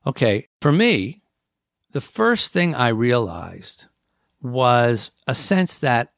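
A man's voice: mid-range voice, very animated, slow pace, vocal fry, a bit bright, dry recording, studio quality. A man hosting a talk show on air, speaking earnestly and acting out inner voices as he lists points. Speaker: radio talk show host.

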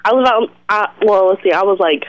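A woman calling in, chatty and animated as she tells a story. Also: mid-range voice, fast, muffled recording. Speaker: caller. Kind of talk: phoned-in storytelling.

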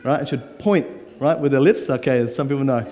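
A man's voice: medium pitch, a little fast, mellow. A man in his forties preaching a live sermon as a guest pastor, playful and joking as he coaxes the congregation. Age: 40s. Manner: playful, joking and coaxing the crowd. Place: church auditorium with live audience. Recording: long hall reverb.

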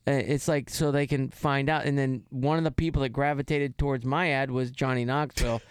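A man's voice: mid-range voice, steady tone, a little fast, smooth, no room sound, studio quality. A middle-aged man from Florida, telling rambling stories in a casual chat as a guest and laughing often. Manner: rambling, laughs often, mimics voices in anecdotes.

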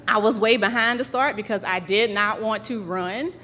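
A woman telling a personal story live on stage before an audience, animated and laughing as she acts out dialogue. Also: a little high, brisk, hardly any pauses, some chatter behind, slight background noise.

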